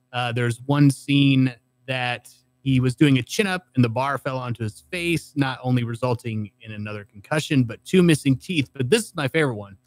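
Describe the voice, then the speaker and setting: A man's voice: medium pitch, dry recording. Dry-sounding man reading the news. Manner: reads articles aloud, then questions them. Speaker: podcast co-host. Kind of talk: casual chat reading news items.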